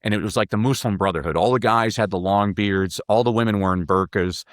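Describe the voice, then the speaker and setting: Fairly quick and lowish in voice, this podcast guest, a speaker and professor, shares stories enthusiastically, acting out quotes and often restarting sentences by repeating his opening words. The recording is dry and clean, studio-grade.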